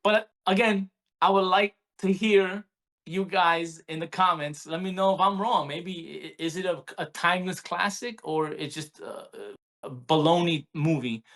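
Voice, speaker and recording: A man in his forties, co-hosting a podcast, telling a story in a casual, animated way with many restarts. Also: high voice, moderate pace. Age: 40s. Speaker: podcast co-host. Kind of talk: casual chat.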